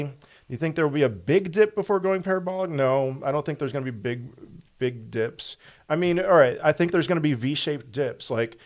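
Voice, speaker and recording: A young man runs a casual livestream Q&A. His voice sits at an ordinary middle pitch. He reads viewer questions out and answers them loosely, full of fillers and restarts. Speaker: crypto livestream host.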